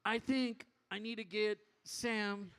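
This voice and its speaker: A man addressing his motorcycle club in a bar, telling an animated, profane story in casual speech. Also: high-pitched, takes it slowly, clean tone.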